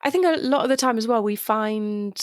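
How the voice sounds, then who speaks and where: A woman's voice: on the high side, brisk, dry recording, studio quality. A chatty, frank British woman hosting a podcast interview in casual conversation. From Britain. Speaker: podcast host.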